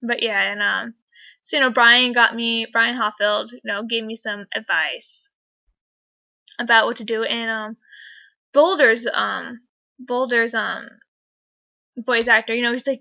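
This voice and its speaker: A young woman vlogger telling a story casually, rambling and excitable, full of fillers. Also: a little high, unhurried, gravelly, long pauses. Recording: dull lo-fi webcam audio.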